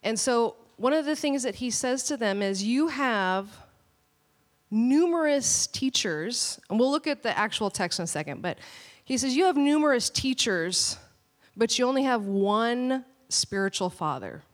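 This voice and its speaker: A woman pastor preaching a sermon with animated, storytelling delivery. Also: on the high side, moderate pace. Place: church hall. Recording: long church hall reverb.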